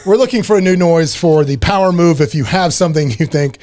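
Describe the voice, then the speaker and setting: A middle-aged man hosting a casual podcast, animated and emphatic, often repeating himself. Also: fairly high pitch, a little fast, no room sound, clean studio sound. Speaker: podcast host. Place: podcast studio.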